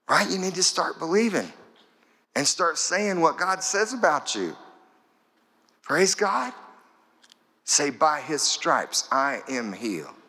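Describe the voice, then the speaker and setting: A man's voice: fairly high pitch, sharp tone. A male pastor preaching a sermon in church, building momentum with rhythmic, repeated phrases. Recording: echoey church hall.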